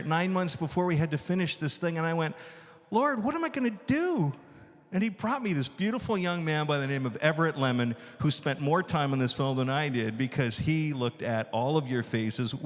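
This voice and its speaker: Excited guy telling stories to a crowd, voice a bit high, long echo off a big hall. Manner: enthusiastic, acts out dialogue. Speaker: filmmaker addressing an audience. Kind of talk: animated storytelling talk.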